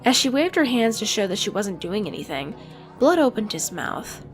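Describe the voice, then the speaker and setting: A woman narrating an audiobook in an expressive storytelling manner. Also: medium pitch, moderate pace, soft background music.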